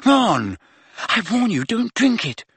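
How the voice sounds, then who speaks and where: A man's voice: mid-range voice, huge pitch swings, unhurried, a bit bright, husky, no echo, exaggerated voice. A man voicing a bossy teenage girl who speaks sharply and scolds. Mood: alarmed scolding.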